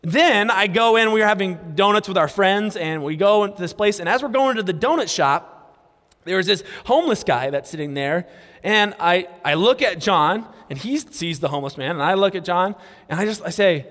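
A pastor in his thirties with a rather high voice tells his story earnestly in a sermon. His words ring out with a long reverb through the church hall, and he sinks to a hushed tone for prayer. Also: animated, moderate pace. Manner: earnest storytelling, drops to a soft hush for prayer. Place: church sanctuary.

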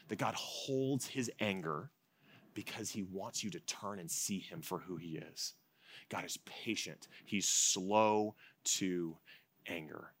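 At an evening church service, a low-voiced male pastor preaches a sermon, alternating between loud, emphatic repetition and soft, hushed passages. The recording has no room sound.

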